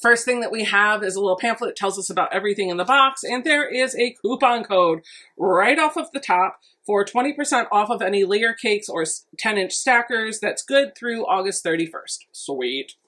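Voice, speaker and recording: A woman with a mid-pitched voice talks through an unboxing for her quilting channel. She is chatty and upbeat, thinking out loud as she shows each item. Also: moderate pace. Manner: chatty and enthusiastic, thinking aloud. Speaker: quilting vlogger. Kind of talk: casual unboxing narration.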